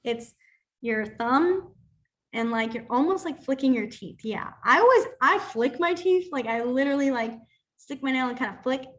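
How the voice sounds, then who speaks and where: A woman's voice: high voice, normal speed. Chatty woman teaching a sign class. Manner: chatty, filler-heavy, animated storytelling. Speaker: sign language instructor.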